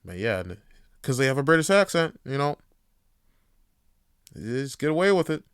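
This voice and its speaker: A man hosts a podcast and rambles through a loose, profane rant. His voice is smooth and clear, at a middling pitch. The sound is close and dry, with no room echo. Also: big pitch swings, a little fast, pauses often. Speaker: podcast host. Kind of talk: casual podcast monologue.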